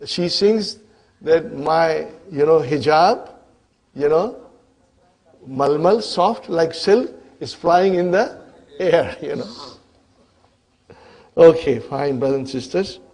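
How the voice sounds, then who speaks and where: A man teaching Arabic grammar to a class in English, often stopping to ask whether the students follow, and spelling out grammar terms slowly. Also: fairly high pitch, expressive, darkish tone. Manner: checks in with students constantly, asking "huh?" and "are you with me?".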